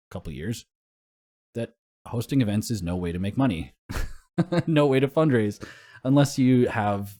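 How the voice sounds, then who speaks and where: A man's voice: sits low, mellow. A young man co-hosting a casual podcast, telling rambling stories full of swearing and laughter. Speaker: podcast co-host.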